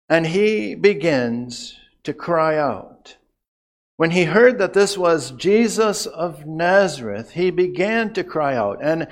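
Preacher man, high voice, slow and dramatic. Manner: dramatic swings from hushed to emphatic; measured delivery with long pauses. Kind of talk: expository sermon.

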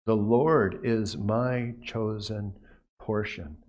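A man preaching a sermon as a pastor, earnest, often dropping to a hushed voice on key phrases and repeating words as he goes. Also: fairly low pitch, drawn-out words, dull audio.

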